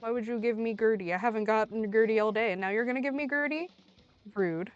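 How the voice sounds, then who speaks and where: A young woman streaming a video game, talking to it as she plays, pleading, yelling and swearing freely. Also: a little high, quick pace, smooth, lo-fi sound. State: under the weather. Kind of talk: casual gameplay commentary. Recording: dry close mic with faint game music.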